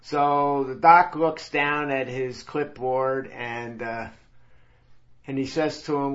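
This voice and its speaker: A man telling a story in a slow, easygoing yarn-spinning way. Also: mid-range voice, steady tone, a bit bright, dull audio.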